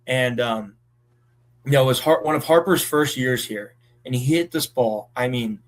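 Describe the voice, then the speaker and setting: A young man around twenty from southeastern Pennsylvania, a college ballplayer telling stories in a relaxed chat, full of fillers. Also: medium pitch, moderate pace. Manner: relaxed storytelling with many fillers. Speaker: college baseball player, guest. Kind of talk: casual chat.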